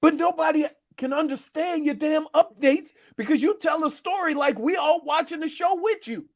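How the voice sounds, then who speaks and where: A man co-hosting a sports radio show in a studio, teasing his partner in casual banter and breaking into loud outbursts. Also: very high-pitched, normal speed.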